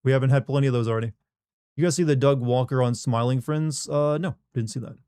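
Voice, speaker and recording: Wry, mellow-voiced streamer. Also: male voice, mid-range voice, quick pace, clean tone, no room sound, studio quality. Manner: wry, rambling, reads chat aloud. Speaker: livestream host. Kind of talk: casual post-stream chat.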